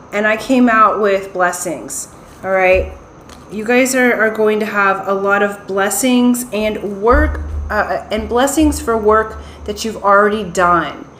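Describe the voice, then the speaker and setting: A woman giving a pick-a-card tarot reading, talking in an unhurried, reassuring way and often checking in with her listeners. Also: mid-range voice, a bit bright. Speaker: tarot reader. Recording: roomy echo, faint ambient noise.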